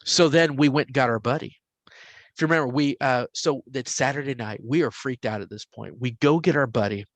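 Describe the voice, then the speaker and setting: A man in his forties casually telling a story, getting animated and hushing into whispers for quoted voices. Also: mid-range voice, brisk, no echo. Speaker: podcast host telling a story.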